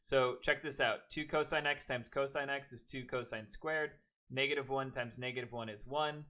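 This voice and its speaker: A man's voice: medium pitch, steady tone, moderate pace, pushed and bright. A man teaching a math class, working through steps aloud and cracking chatty jokes at his students in a classroom. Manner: joking, chatty asides between worked steps. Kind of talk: classroom lecture.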